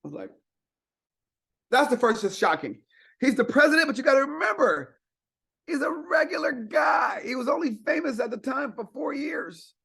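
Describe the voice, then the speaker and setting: A comedian guest telling an animated, profane story and acting out the people in it. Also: male voice, very high-pitched, normal speed, gravelly. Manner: animated, profane, acts out quotes. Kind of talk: casual storytelling.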